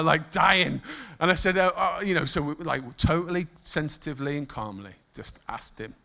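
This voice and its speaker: A man preaching a sermon, telling stories with emotion and dropping suddenly soft. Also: fairly high pitch, moderate pace, vocal fry. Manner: emotional, animated storytelling with sudden soft drops.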